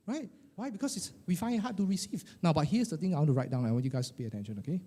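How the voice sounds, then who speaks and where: Animated man coaching a group. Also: high-pitched, fast. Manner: animated, questioning the audience, colloquial with "lah" and "eh". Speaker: coach for financial advisors. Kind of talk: motivational workshop talk to a live group.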